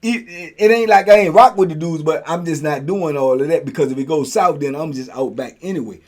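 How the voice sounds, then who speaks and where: A man's voice: on the high side, a little fast. An older man telling a prison story in casual slang, acting out the voices of the people in it. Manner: animated, acts out voices of others in his story. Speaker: storyteller host.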